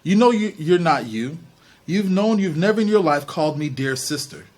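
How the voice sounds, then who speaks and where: Male reader as sharp, desperate teen girl; husky, raised voice. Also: on the high side, expressive, normal speed. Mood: angry. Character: defiant teenage girl, desperate and angry.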